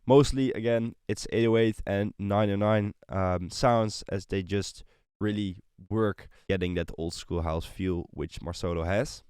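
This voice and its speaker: A man teaching music production in a screen-recorded tutorial, explaining in a relaxed way with many fillers. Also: on the low side, a little slow, hardly any pauses. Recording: voice over loud synth and drum loops.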